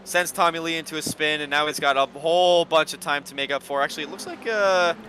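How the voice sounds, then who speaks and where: A man doing live sim racing commentary, excitable and getting loud in close battles. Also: a little high, fast, slight background noise. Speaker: race commentator.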